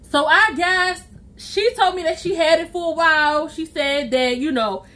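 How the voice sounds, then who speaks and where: High-voiced woman telling a wild story. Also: measured pace. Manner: animated, with sound effects and acted-out quotes. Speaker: vlogger. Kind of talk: storytime vlog.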